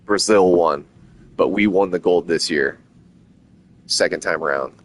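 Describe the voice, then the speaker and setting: A low-pitched man chats casually on a stream. He rambles and swears freely, his talk running hot with excitement. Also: a little slow, long pauses, a little hiss or hum. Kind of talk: casual chat.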